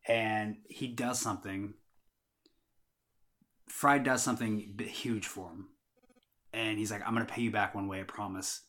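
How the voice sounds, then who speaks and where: A man co-hosting a casual podcast chat, retelling a story in a rambling way with halting restarts. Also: fairly low pitch, steady tone, fairly bright tone. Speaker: podcast co-host.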